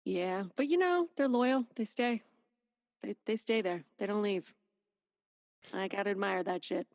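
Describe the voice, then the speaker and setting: A woman from Idaho, a guest in a casual podcast chat, talking in a chatty, animated way. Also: mid-range voice, measured pace, dry recording, clean studio sound, long reverb tail. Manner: chatty and animated, slides into voices. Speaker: guest narrator.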